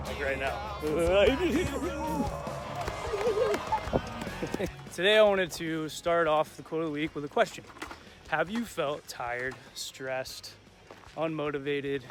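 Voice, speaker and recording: A young man hosting a casual motivational vlog outdoors while walking through a neighborhood, upbeat and encouraging, tossing in Spanish phrases. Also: fairly high pitch. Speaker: vlog host.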